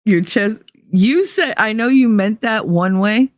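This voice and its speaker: This livestream host, a woman from New Jersey by her accent, chats casually and reads out viewer comments in a lively, emphatic, heavily inflected way. Her medium-pitched voice is unhurried, captured in clean studio sound without echo.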